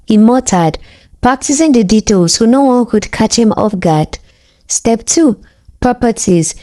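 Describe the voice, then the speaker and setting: A woman narrating a folk tale in a lively, wry storytelling manner. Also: on the high side, normal speed. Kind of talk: scripted narration.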